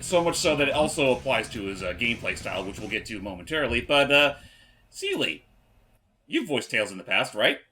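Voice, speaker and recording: An animated, bright-voiced man hosts a casual game playthrough, chatting loosely and hedging with fillers. His pitch swings lively, and faint game music with guitar plays behind him. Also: fairly quick. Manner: chatty, trails off with fillers and restarts. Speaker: let's play host.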